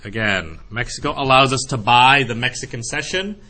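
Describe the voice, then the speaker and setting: A man teaching a history lecture in a classroom, lively and joking, acting out quick voices to explain his points. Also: medium pitch. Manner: animated, acts out voices in analogies.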